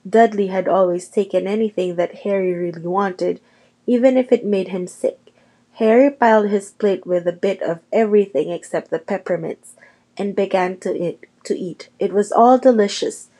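A woman narrating a children's novel chapter aloud in a steady storytelling manner. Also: mid-range voice, normal speed. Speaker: reader. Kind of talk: audiobook narration.

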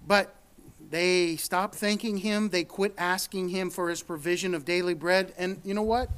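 A man with a high voice preaches earnestly, reading scripture aloud between his own remarks. He repeats words as he goes and climbs higher when he presses a point. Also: fairly even intonation, moderate pace, a bit bright, clean tone.

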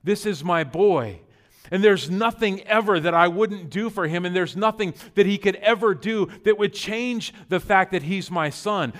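Guy preaching a sermon, kinda high voice, chatty with lots of "like" and "you know", gets loud then goes real quiet. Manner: storytelling with sudden loud bursts and quiet, intimate drops; conversational with fillers like "like" and "you know". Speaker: pastor.

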